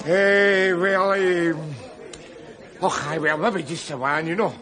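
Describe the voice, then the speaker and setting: A Glaswegian actor plays a sitcom character, a boozy, bitter, gabby unemployed Glasgow man, in a heavily acted, pushed and bright performance. His high voice holds a steady tone as he rambles slowly, boisterous and drunken, with studio audience laughter faintly audible as a crowd.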